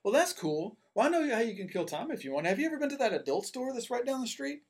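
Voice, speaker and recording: A man's voice: extremely high pitch, sing-song, fast, pitched above the performer's own voice, exaggerated voice. A man voicing a chatty, coaxing stranger who is friendly but pushy, while telling a story.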